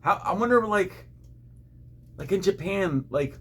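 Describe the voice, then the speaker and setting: Curious man with a higher voice. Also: lively intonation, a bit bright, breathy edge. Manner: curious, asks many questions, reads card stats out slowly. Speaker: co-host of a card unboxing stream. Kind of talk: casual chat.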